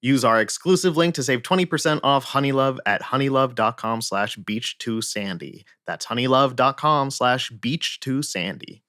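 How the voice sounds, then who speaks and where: A man's voice: medium pitch, lively intonation, moderate pace, hardly any pauses, pushed and bright, no room sound, studio quality. A man co-hosting a casual podcast, joking wryly, laughing along and reading ads. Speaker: podcast co-host. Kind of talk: casual chat and ad reads.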